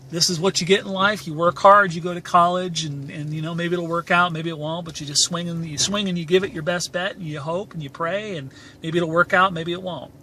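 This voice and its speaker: A man hosting a motivational channel, telling a personal story emphatically while touring a neighborhood outdoors on a handheld camera, with rambling "and, uh" pauses. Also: sits high, pushed and bright, a little hiss or hum. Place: outdoors, moving through a residential neighborhood. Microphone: handheld camera filming as he goes.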